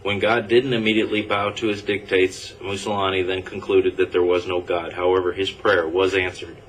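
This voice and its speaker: Deep-voiced man lecturing from afar. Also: moderate pace. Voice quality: calm, lecturing. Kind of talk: measured scripted lecture. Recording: distant clip with faint room hum.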